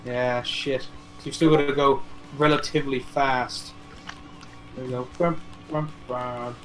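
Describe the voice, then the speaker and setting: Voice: medium pitch, little pitch movement, unhurried, fairly bright tone, soft background music, low-quality recording. A friend joking and teasing in a video game stream's voice chat, giggly and playful. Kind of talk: casual banter over a game stream.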